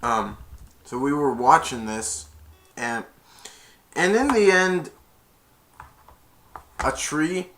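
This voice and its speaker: A young man casually retelling a movie plot as an amateur reviewer, rambling and jumping into loud, high voices for the characters. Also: very animated, extremely slow, pauses often, slight background noise.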